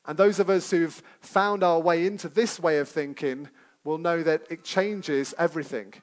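High-voiced man preaching conversationally. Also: moderate pace. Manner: conversational, asks the congregation questions. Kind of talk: sermon.

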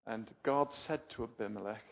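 A man's voice: lowish voice, a little fast. An older man from England giving a chatty, informal sermon, often asking his listeners questions and poking fun at himself. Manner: chatty, self-deprecating, asks the audience questions. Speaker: preacher. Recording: muffled sound in a reverberant hall.

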